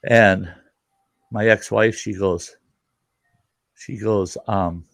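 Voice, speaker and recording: A middle-aged host with a fairly low voice draws out his words, recorded with no echo. During a casual chat, he animatedly relates a story loaded with swearing and impersonated voices.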